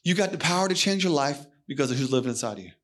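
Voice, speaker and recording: A male pastor delivering a sermon to a live congregation in a church, preaching emphatically and breaking into shouts. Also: on the high side, lively intonation, very fast.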